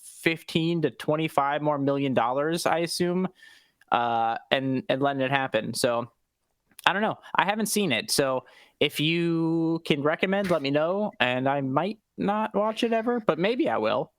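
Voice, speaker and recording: A man's voice: fairly high pitch, lively intonation, measured pace, no room sound. Chatty man with a dry close sound. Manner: rambling, laughs often, many fillers. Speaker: podcast co-host. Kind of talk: casual chat about movies.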